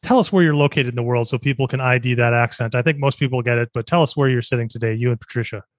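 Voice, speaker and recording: A man's voice: medium pitch, fast, dry recording, studio quality. A man co-hosting a podcast, reading a scripted intro and then chatting with guests in an upbeat, jokey way. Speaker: podcast co-host. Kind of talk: scripted intro then friendly interview chat.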